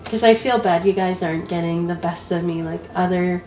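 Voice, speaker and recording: A woman's voice: lowish voice, a little fast, darkish tone, roomy sound, far from the mic, poor audio. A woman who is sick with a cold, telling a casual story about her travels as an interview guest, laughing often.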